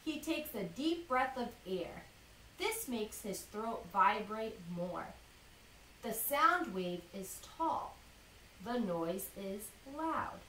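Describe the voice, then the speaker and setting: A woman teacher reading a lesson to young children, slow and clearly enunciated, encouraging them to repeat after her. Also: medium pitch, very animated, pushed and bright, distant mic, a little hiss or hum. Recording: echoey room, a bit off-mic.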